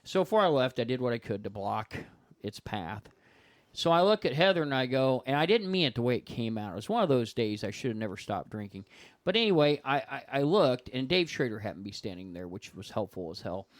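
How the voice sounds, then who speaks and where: A man talking casually as a podcast guest, spinning a story and slipping into voices for each person he quotes. His pitch swings widely as he talks, and the close microphone sounds dry with no room echo. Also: fairly quick. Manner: animated, acts out dialogue in voices.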